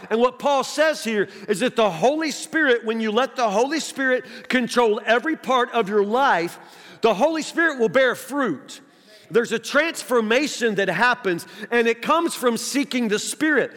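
A male pastor with a notably high voice preaches in a conversational way, stumbling over the first sounds of words and checking in with his listeners. His voice rings out with a long reverb trail, as in a large church sanctuary. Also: a bit bright. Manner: conversational preaching with frequent restarts and direct questions to the congregation. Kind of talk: sermon.

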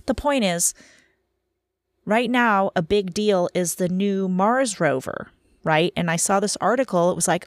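A woman's voice: medium pitch, unhurried, no echo, clean studio sound. A woman in her thirties hosting a casual solo podcast, chatting in a rambling, self-deprecating way while tired from lack of sleep. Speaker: podcast host.

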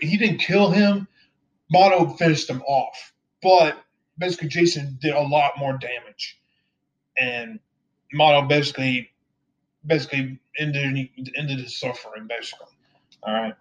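A man's voice: fairly high pitch, fairly bright tone. A man giving a casual, rambling anime review, heartfelt and full of repeated words. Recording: dull lo-fi recording.

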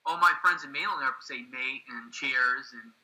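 A man's voice: medium pitch, normal speed, bright, forceful tone, echoey room, low-quality recording. An American man, a guest in a casual chat, giving short, easygoing replies. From United States.

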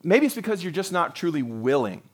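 Male pastor, middle-aged, high voice, chatty sermon delivery that slips into quick voiced asides. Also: very animated. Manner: conversational, acts out quotes in little voices.

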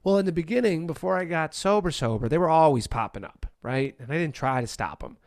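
A man's voice: on the high side, animated, a little fast, dry recording, studio quality. A man hosting a candid conversation about recovery, blunt, profane and self-deprecating.

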